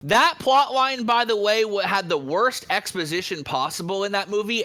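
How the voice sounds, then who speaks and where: High, bright-voiced man on a profane rant. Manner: excitable, swears a lot, slangy storytelling. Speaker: podcast co-host.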